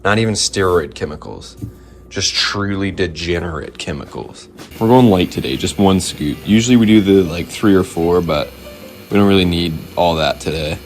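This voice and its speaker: A man's voice: deep voice, moderate pace, soft background music. A young man vlogging casually to camera about his gym day, telling a rambling, slangy story. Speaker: fitness vlogger. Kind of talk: casual vlog talk to camera.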